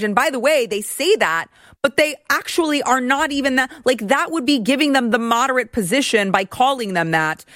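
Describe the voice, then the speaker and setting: A woman's voice: medium pitch, a bit bright, no room sound, clean studio sound. A young woman hosting a political talk show, giving a brash, sarcastic, opinionated monologue. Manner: brash, sarcastic, rapid-fire.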